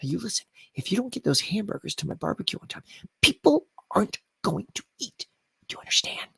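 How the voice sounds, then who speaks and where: A man putting on an overdramatic TV actor giving urgent orders in a breathy whisper, as whispered role-play. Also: high voice, very animated, a little fast, a bit bright, dry recording, heavily acted. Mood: hushed urgent.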